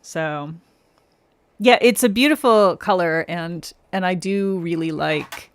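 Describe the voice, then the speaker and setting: A woman's voice: lowish voice, slow, clean tone. Chatty woman hosting a nail livestream. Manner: chatty, laughs often, talks to viewers by name; explains step by step while working. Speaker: nail art livestream host. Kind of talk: casual live-stream chat.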